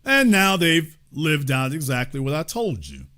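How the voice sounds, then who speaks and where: A middle-aged man hosting a heated political monologue, emphatic and sarcastic, taunting with loud outbursts and low asides. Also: wildly swooping pitch, unhurried. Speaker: political commentary host.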